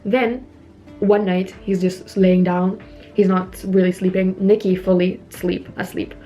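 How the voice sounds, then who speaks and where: Young woman vlogger, casual and chatty, heavy on fillers, mid-pitched voice, faint music behind. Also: flat delivery, a little slow, warm tone. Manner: chatty, lots of "like" fillers, retells dialogue. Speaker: beauty vlogger recapping a horror film. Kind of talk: casual chat while doing makeup. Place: indoors at home.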